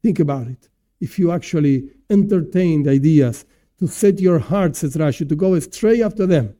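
High, dark-toned man teaching Torah. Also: normal speed. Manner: animated, explanatory, asks and answers himself. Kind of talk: informal religious lesson.

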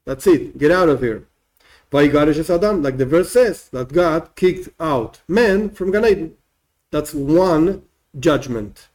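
A man's voice: fairly high pitch, a little mellow. A man teaching a religious text in an informal way. He acts out the quoted lines and repeats words as he explains.

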